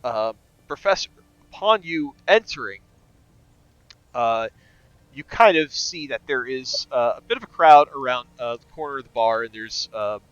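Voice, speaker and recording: A man narrating a tabletop game as game master, in a relaxed way with many filler sounds. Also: mid-range voice, normal speed, smooth, no echo, dull audio.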